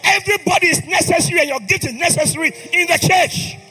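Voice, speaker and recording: High, bright-voiced man preaching a sermon. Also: quick pace. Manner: impassioned, calls on the congregation to respond. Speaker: priest. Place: church. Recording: long hall reverb with faint music.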